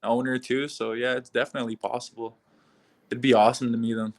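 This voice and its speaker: A young man with an average, middle-pitched voice, answering questions over a video call. He talks in an easygoing, laid-back way and breaks into soft laughs now and then. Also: little pitch movement, fast. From Canada. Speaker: fighter being interviewed. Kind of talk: casual interview answers.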